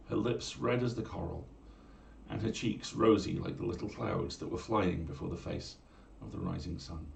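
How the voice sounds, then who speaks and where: Deep gravelly man reading a fairy tale. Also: a little mellow, echoey room, recorded from a distance. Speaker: storyteller. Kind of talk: bedtime story livestream reading. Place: at home.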